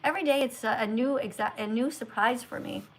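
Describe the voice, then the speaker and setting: Recorded on a phone, a woman hosts a livestream, speaking earnestly to a guest and her viewers. Her voice is fairly high and a little fast, with an emphatic, lecturing delivery.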